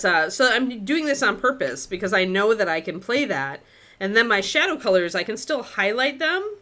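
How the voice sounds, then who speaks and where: A woman's voice: medium pitch, bright, forceful tone. A woman hosting a live-streamed miniature painting lesson, chatting informally and thinking aloud as she paints.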